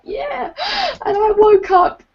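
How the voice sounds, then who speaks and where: Her voice sits extremely high and moves slowly as she co-hosts a podcast, swapping stories in casual chat over a call and laughing often. The call audio is dull and lo-fi.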